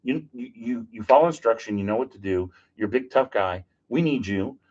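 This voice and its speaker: Guy on a podcast, storytelling, jokey and animated, kinda dull lo-fi sound. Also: medium pitch, a little fast, slightly rough. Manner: animated, jokey, acts out quotes. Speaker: podcast guest. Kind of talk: casual storytelling.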